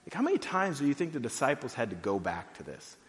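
A pastor preaching a sermon in a conversational way, full of "like"s, going from quiet and low to loud and high. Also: male voice, very animated, quick pace, long reverb tail. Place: church hall.

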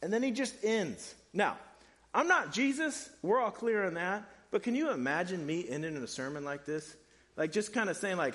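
A man's voice: high-pitched, moderate pace. Casual preaching man in a reverberant hall. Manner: casual, animated preaching with slang. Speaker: pastor. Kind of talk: sermon.

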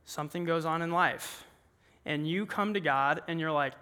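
Young male preacher, high and bright voice, earnest and conversational, long hall reverb. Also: moderate pace, clear, resonant tone. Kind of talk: sermon. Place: large worship room with an audience.

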